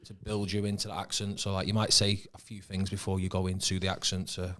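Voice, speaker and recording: A man with a Manchester accent, an actor guest in casual podcast chat, relaxed and swearing now and then, often trailing off mid-sentence. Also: sits low, quick pace. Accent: Mancunian.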